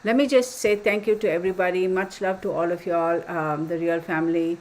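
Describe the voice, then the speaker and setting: A woman hosting a tarot live stream from home, chatty and warm with viewers, laughing often. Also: on the low side, fairly even intonation, a little fast, low-quality recording. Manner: chatty, affectionate, laughs often, baby talk to her dog. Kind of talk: casual live stream sign-off. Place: home room.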